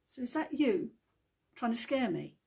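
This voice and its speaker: Woman playing a greedy burglar, muttering to himself, gravelly, husky. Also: a little high, sing-song, measured pace, warm tone, full character voice. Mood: defiant. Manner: muttering to himself, then defiant. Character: nervy male burglar, greedy and cocky.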